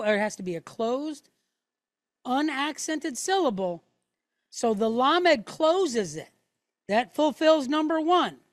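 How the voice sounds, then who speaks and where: A woman with a somewhat high voice teaches slowly and patiently, laying out each point step by step. She checks in with her listeners again and again. The sound is close and dry, with no room echo. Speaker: Hebrew teacher. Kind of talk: classroom teaching.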